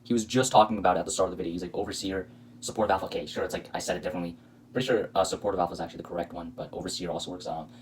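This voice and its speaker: A man's voice: low-pitched, steady tone, rapid-fire, a little hiss or hum, rough recording. A man hosting a reaction video, talking casually with sarcastic, indignant, rambling commentary.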